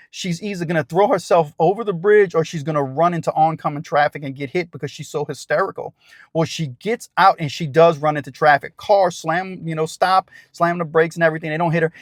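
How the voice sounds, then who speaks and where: A man with a high voice tells his story straight to his audience, tumbling over his words and acting out every shout. The sound is dry and close, with no room around it. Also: dry recording. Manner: excited, acts out shouted quotes, rambling restarts. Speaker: channel host telling a true story. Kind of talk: animated storytelling to camera.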